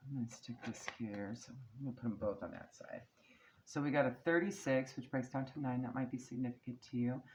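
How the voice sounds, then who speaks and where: A tarot card reader with a medium-pitched voice offers a casual channeled reading against background noise. She's chatty and reassuring, laughs every so often, and keeps checking in with "okay?" and "right?".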